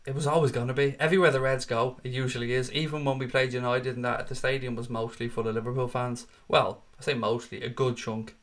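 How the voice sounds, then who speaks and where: A man's voice: medium pitch, steady tone, fast, few pauses. A Dublin Irish man in his late thirties hosting a live football watchalong, chatting casually with viewers, swearing freely and calling them mate. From Ireland. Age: 30s. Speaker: watchalong host. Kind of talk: casual live stream chat reading comments.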